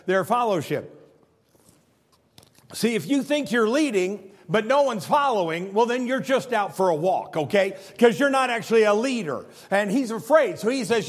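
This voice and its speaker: A man preaching a sermon as pastor in a church. He is earnest and restarts his phrases often. His delivery swings from loud emphasis to hushed intensity. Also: high voice.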